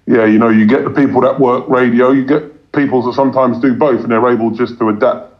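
Cricket commentator guy chatting, rambly, lots of ums, pretty monotone, muffled lo-fi sound. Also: mid-range voice, fairly quick. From England. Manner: rambling, repeats words, many fillers. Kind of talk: casual interview talk. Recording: dull lo-fi recording.

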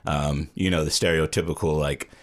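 Male guest, 30s, very deep rich voice, laid-back storyteller. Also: moderate pace. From Hudson Valley, New York. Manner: relaxed storytelling with dry humor. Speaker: podcast guest. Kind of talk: casual interview chat.

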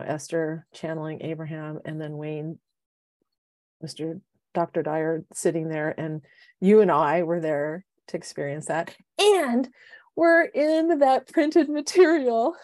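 A woman in her fifties chats on a podcast in a slightly low voice. She tells long stories and acts out what people said with animated quoted lines. The sound is dry and close. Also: dry recording. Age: 50s. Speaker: podcast co-host, life coach. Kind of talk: casual chat. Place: home, city.

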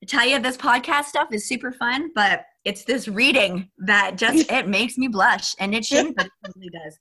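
A woman's voice: on the high side, moderate pace, sharp tone, husky. A young woman hosting a podcast, chatting about a book in a candid, giggly way and reading passages aloud. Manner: giggly, candid, breezy asides. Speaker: podcast host.

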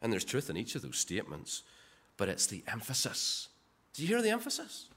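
A man's voice: medium pitch, huge pitch swings, fairly quick, a bit bright. A man preaching a sermon in a conversational way, often repeating words and asking rhetorical questions.

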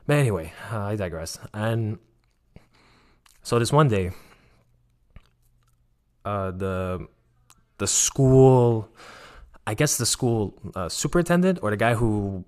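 Young guy, lowish voice, casual rambling storyteller who acts out quotes. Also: slow pace, pauses often. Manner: rambling, filler-heavy, animated quoting of others. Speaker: former missionary telling a story.

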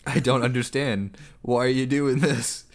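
A man's voice: mid-range voice, steady tone, unhurried, close to an everyday voice. A man voicing a lovesick male swamp ogre while reading a story aloud. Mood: pleading. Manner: pleading, read aloud with laughter.

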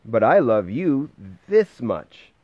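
A man voicing a big, gentle father hare in a bedtime storybook reading, calm, tender and unhurried. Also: medium pitch, no echo, lo-fi sound.

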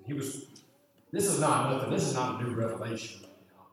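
A man's voice: animated, a little fast, a little hiss or hum. Man, preacher in a church. Storytelling sermon with muttered asides, heard from far off in a roomy, echoing hall. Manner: storytelling, acts out his own thoughts with big pitch jumps; drops to a muttering hush for inner grumbling. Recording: echoey hall, voice from far off, faint ambience.

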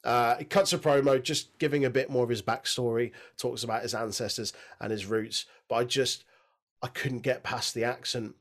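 A man hosting a casual podcast, recapping a wrestling show with lots of swearing and high laughing outbursts, on a desk mic with headphones. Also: fairly even intonation, normal speed. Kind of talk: casual chat.

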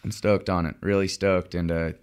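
A man's voice: low-pitched, little pitch movement, normal speed, smooth. A young man, a fly fishing guide, chatting casually on a podcast with lots of fillers and restarts.

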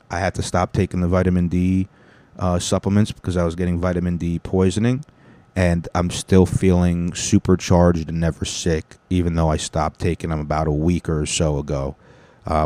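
Man hosting a podcast, low dark voice, rambling and joking, dry sound. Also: level tone, moderate pace, no room sound. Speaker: podcast host. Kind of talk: casual chat.

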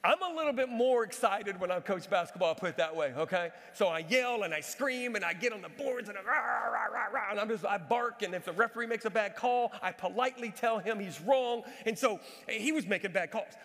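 Animated preacher man in a reverberant hall. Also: sits high, fairly quick, hardly any pauses. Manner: animated, swings from shouting to hushed. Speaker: pastor and basketball coach. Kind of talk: sermon with storytelling.

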